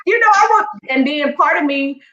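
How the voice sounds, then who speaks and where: A woman's voice: high voice, lively intonation, normal speed, pushed and bright. A woman teacher, a guest, telling her story in a chatty, heartfelt way and calling the listener "girl" again and again. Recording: echoey room, dull lo-fi sound.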